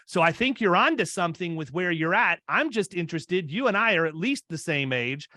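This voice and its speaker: A man's voice: sits high, expressive, a little fast, sharp tone, dry recording, clean studio sound. A man in his fifties hosting a podcast interview, chatting casually and often restarting his sentences. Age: 50s. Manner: rambling, restarts mid-sentence. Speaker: podcast host.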